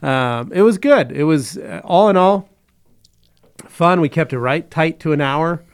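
A man's voice: on the high side, a little slow, clear, resonant tone. A man hosting a podcast, talking casually with dry, joking humor. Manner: dry, joking, relaxed delivery. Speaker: podcast host. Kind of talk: casual chat.

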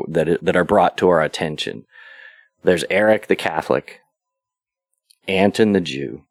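Deep-voiced man casually recapping a film. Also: no echo, clean studio sound. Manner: rambling, relaxed retelling with fillers and brief quoted asides. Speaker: podcast host. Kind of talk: casual solo podcast recap.

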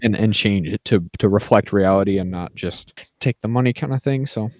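A man's voice: fairly low pitch, a little fast, a little mellow, no echo. A man co-hosting a podcast, chatting casually about a film and often saying "like I said" and "right?". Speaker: podcast co-host.

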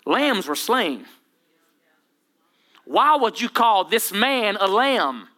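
Male pastor, bright forceful tone, playful energetic sermon delivery. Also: high-pitched, slow pace. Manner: lively preaching with humor and dramatic voice drops.

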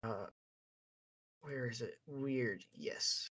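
Player at a tabletop game, mid-pitch voice, checking rules as they go. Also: extremely slow, a bit bright, husky. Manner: thoughtful, asks rules questions.

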